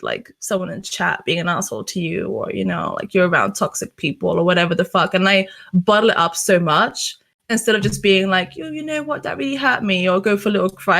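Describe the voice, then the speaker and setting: A woman's voice: medium pitch, a bit bright. A young woman from England, a streamer talking candidly in a casual interview, chatty, laughing often and swearing freely. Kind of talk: casual chat.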